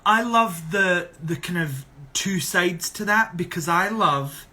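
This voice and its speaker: A man's voice: sits high, slow pace, hardly any pauses, bright, forceful tone. A young Scottish man on a casual live stream, reading out viewer questions and answering in a chatty, sarcastic way. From Scotland. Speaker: drag performer on a live stream.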